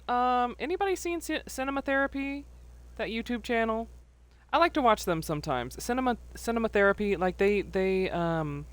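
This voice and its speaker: A woman streaming live who chats casually, laughs often and reads viewers' messages aloud. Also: mid-range voice. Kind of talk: casual livestream chat.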